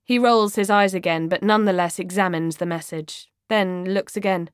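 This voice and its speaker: A woman narrating a first-person audiobook with expressive, dramatic delivery. She reads at an unhurried pace. The studio mic is close and completely dry. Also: lowish voice, smooth, no echo.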